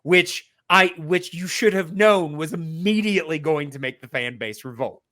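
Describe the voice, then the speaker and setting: A man's voice: fairly high pitch, normal speed, a bit bright. A man hosting a podcast in casual chat, thinking aloud and explaining at length. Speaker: podcast host.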